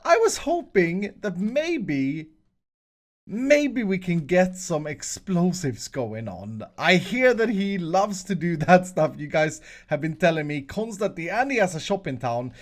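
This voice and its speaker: A man's voice: sits high, big pitch swings, measured pace. A Swedish-accented man hosting a casual Minecraft commentary, playful and jokey, often restarting his sentences. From Sweden. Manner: playful, jokey, frequent self-corrections and restarts. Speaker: host, Minecraft player.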